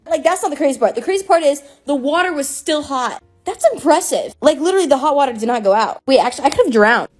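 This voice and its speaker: Young woman in her 20s, high pitch, sarcastic storytime creator. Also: expressive, fast, few pauses, soft background music. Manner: chatty, sarcastic, filler-heavy. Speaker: content creator. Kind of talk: storytime monologue to camera.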